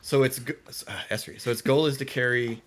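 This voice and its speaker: A man's voice: mid-range voice, fairly even intonation, fairly quick, a bit bright. A man narrating a tabletop game as dungeon master, often stopping to correct himself.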